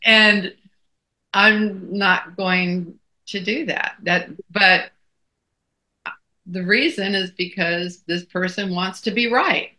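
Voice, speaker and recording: Bright-voiced folksy woman chatting. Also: mid-range voice, takes it slowly. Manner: folksy storytelling. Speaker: co-host. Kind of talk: casual chat.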